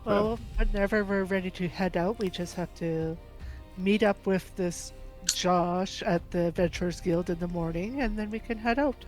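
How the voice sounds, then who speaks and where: A woman's voice: medium pitch, moderate pace, a little mellow, faint music behind, low-quality recording. Woman player summing up a quest. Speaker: tabletop game player. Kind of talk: casual play session talk.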